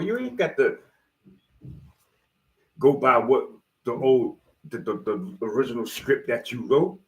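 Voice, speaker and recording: Here the motivational video host sounds medium-pitched and animated, keeping a measured pace broken by long pauses. His rambling sermon-like monologue leans on slangy street talk, loose humor, and swearing.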